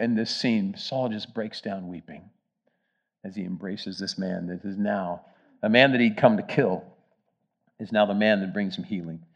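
A man preaching a sermon, telling the story with energy and swinging between loud emphasis and hushed moments. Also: on the low side. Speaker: pastor. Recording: dull, muffled sermon recording.

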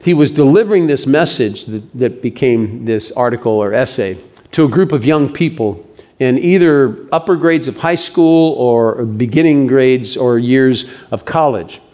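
Animated male preacher. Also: medium pitch, measured pace, muffled recording. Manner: animated preaching, swings from loud to hushed. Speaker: pastor. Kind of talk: sermon.

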